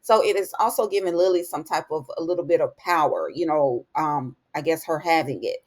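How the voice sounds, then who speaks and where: A woman giving a chatty, animated episode recap in casual talk, dropping in words like honey and baby. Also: sits low, brisk. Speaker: TV recap vlogger.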